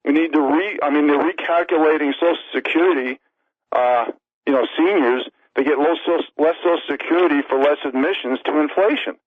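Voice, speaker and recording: A man's voice: on the high side, fairly quick, dry recording. A man of sixty from New York City, a radio guest and author, running through an emphatic list of political demands and short of breath. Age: 60s. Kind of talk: impassioned political call-in monologue. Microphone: phone call. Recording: tinny phone line.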